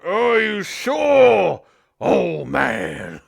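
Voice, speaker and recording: A man voicing a brash, muscly male dwarf wrestler who shouts swaggering challenges to a crowd in a tabletop game. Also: high-pitched, huge pitch swings, drawn-out words, gravelly, voice pushed up, heavily acted. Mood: boastful shouting. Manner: shouting swaggering ring announcements.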